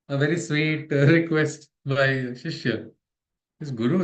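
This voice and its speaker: A man's voice: a little high, unhurried. A man with an Indian English accent, reading spiritual letters aloud and explaining them in a conversational way, often ending on a tag question. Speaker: spiritual study-circle leader.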